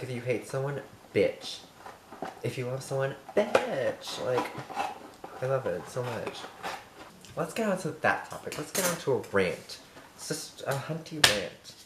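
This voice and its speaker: A teenage guy from Montana chatting through a casual home baking vlog, sassy, campy and full of swearing. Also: medium pitch. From Montana, USA. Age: teens. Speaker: vlogger. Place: home kitchen. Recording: echoey room with background noise.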